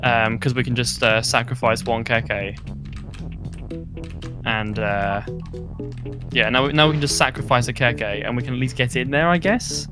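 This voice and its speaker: A man's voice: medium pitch, a little slow, long pauses, music in the background. A man playing a puzzle game with friends, chatting playfully and reading viewer messages aloud. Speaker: streamer reading chat. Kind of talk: casual gameplay chat.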